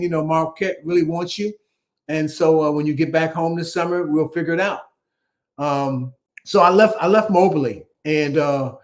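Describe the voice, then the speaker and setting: A man in his seventies from Chicago, telling his life story in an interview and acting out each voice in it. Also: on the high side. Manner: animated storyteller who acts out the dialogue. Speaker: guest, former basketball player.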